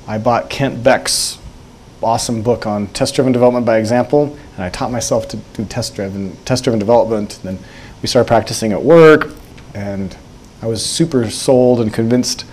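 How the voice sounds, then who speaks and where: A man giving a meetup talk, telling his story in a relaxed, conversational way with fillers. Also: mid-range voice, normal speed, a little hiss or hum. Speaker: meetup speaker. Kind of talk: conference talk. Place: meetup room.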